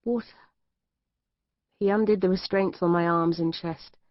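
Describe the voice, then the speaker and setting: Woman, audiobook narrator, low voice, dry dull studio, tense reading. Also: fairly even intonation, normal speed, dry recording. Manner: tense first-person reading. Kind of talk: scripted narration.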